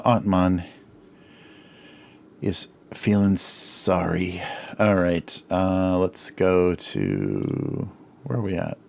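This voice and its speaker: A middle-aged man with a low, deep voice talks casually through a drawing livestream. He muses aloud, chuckles often and pokes fun at himself. His voice sounds a little strained. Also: gravelly, darkish tone, slight background noise. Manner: chuckles often, musing and self-deprecating. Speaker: cartoonist livestream host.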